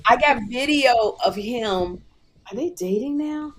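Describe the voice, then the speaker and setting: A middle-aged woman hosting a talk show, telling comic stories in a lively, animated way and acting out quotes. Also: fairly high pitch, a little slow, a little hiss or hum, rough recording. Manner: animated storytelling, acts out quotes. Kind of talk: casual comedic chat.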